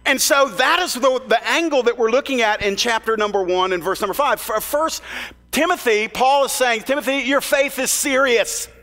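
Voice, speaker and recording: A man's voice: extremely high pitch, lively intonation, moderate pace, bright, forceful tone. A man preaching a sermon as pastor, earnest and plain-spoken with conversational asides. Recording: long reverb of a large hall.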